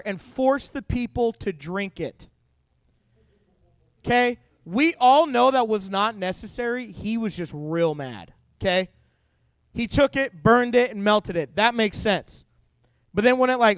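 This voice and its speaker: Young guy youth pastor, high clear voice, dry close sound, jokey animated bible talk. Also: no room sound. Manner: animated storytelling with jokes and quoted voices.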